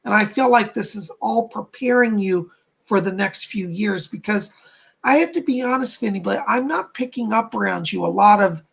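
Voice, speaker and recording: A man's voice: high-pitched, lively intonation, normal speed, vocal fry, fairly bright tone, slightly rough. A man hosting a live stream as a psychic medium, chatting to viewers, reading their comments aloud and passing on spirit messages.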